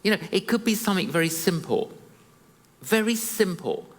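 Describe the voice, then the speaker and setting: A preacher tells a story in a lively, joking, conversational manner, at a mid pitch. The voice rings through a church hall with a long reverb behind it. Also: normal speed. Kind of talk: sermon storytelling.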